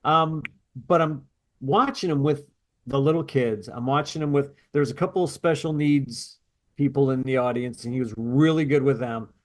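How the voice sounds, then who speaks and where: A man's voice: medium pitch, moderate pace. A man co-hosting a podcast, chatting casually and telling stories with quoted asides. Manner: rambling, storytelling with quoted asides. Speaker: podcast co-host. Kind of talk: casual chat.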